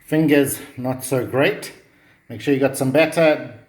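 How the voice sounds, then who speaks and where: A man's voice: mid-range voice, measured pace, darkish tone. Chatty man cooking in an echoey kitchen. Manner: chatty, joking. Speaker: cooking vlogger. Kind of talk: casual cooking demonstration.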